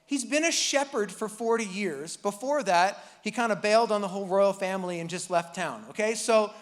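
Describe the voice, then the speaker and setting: A man's voice: sits high, normal speed, big-room sound. A man preaching a casual, joking sermon as pastor, acting out Bible characters with the congregation. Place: church hall.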